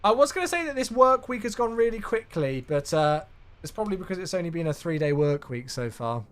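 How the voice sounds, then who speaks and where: Tired guy chatting on his stream, voice bouncing up and down a lot, a bit high. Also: sing-song, a little fast. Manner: chatty, reads chat aloud, thanks subscribers. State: tired, yawning. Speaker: flight sim streamer. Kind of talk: casual live-stream chat.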